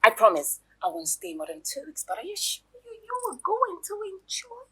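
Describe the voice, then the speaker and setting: Nollywood role: a theatrical, jealous Nigerian woman, bright and high. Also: wildly swooping pitch, moderate pace, exaggerated voice. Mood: gleeful. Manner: theatrical, loud, mocking. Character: jealous, scheming, dramatic woman girlfriend. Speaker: actress. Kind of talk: Nollywood film acting.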